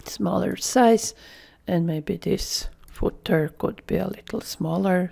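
A woman giving a screen-recorded software tutorial, thinking aloud as she works and dropping into half-whispered asides. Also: on the low side, slow, gravelly, breathy edge. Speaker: software trainer.

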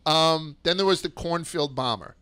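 A man hosting a podcast, telling stories in a casual, profane, excitable way that sometimes rushes and stumbles over his words. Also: a little high, smooth. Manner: rushes and restarts when excited. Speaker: podcast host. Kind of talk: casual storytelling chat.

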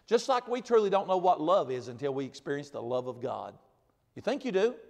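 A man preaching a sermon as pastor, swinging from loud emphatic repetition to quiet asides. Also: fairly high pitch, gravelly, in a large hall.

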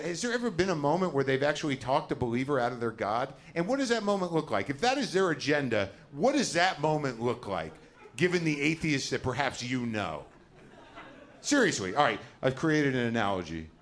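A man's voice: a little high, sing-song, normal speed, a bit bright. A man doing a stand-up comedy routine, ranting and swearing in a self-mocking way. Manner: ranting, profane, self-deprecating.

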